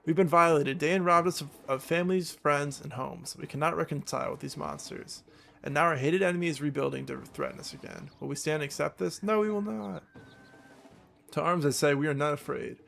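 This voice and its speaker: A man's voice: fairly high pitch, brisk, vocal fry, a bit bright, slight background noise. A man voicing a zealous male rebel who stirs up a crowd in a video game, speaking in a rousing, declamatory way.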